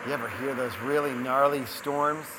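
A man's voice: medium pitch, fairly even intonation, moderate pace, long reverb tail, very noisy. A man preaching a sermon in a casual, conversational way, with frequent rhetorical asides to the congregation. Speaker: pastor.

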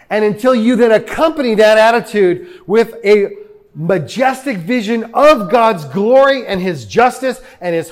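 A man preaching a sermon to his congregation in a conversational way, with asides to the listeners. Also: high voice. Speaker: pastor.

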